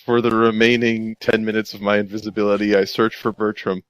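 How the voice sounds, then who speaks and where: A man's voice: lowish voice, flat delivery, fairly quick, fairly bright tone, smooth, dry recording, poor audio. Eager man laying out his plan. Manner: eager, planning aloud, laughs at own schemes. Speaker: player. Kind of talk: casual tabletop play.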